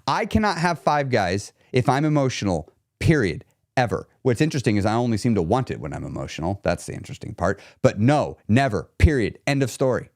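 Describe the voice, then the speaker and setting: A man's voice: mid-range voice, very animated, a little fast, darkish tone, dry recording. Guy coaching people on weight loss, blunt and emphatic, says things twice, dry close sound. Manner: blunt, emphatic, repeats key phrases. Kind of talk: live coaching stream reading chat.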